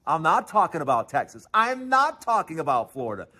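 Animated, teasing man with a husky voice. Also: a little high, a little fast. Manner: animated, teasing, repeats and stammers. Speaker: host. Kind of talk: excited solo political commentary.

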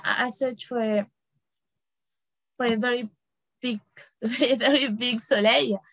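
A young woman leads a children's language lesson, speaking slowly and repeating each word. Her voice sits a little high, and she laughs easily. The sound is close and dry, with no room around it. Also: dry recording, low-quality recording. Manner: slow, repeats words, laughs often. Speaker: French teacher for kids.

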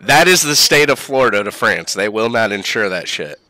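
A man's voice: lowish voice, expressive, normal speed, bright, forceful tone. A man chatting casually while playing a video game, laid-back, swearing freely and laughing often. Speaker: let's play co-host. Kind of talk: casual gaming chat.

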